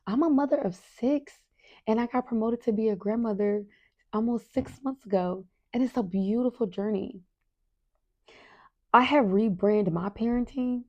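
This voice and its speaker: Here a middle-aged woman at medium pitch runs a parenting podcast, chatting earnestly and informally to "you guys" and often tagging on "right?" Now and then she lowers to a soft whisper for effect. The audio sounds muffled.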